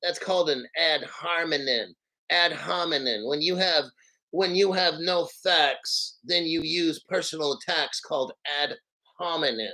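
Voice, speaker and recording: A man hosting a crypto channel, giving a profane, combative rant on a news article with a mocking tone. He clears his throat often. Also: a little high, unhurried, bright, forceful tone, rough recording. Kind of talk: ranting commentary on a news article.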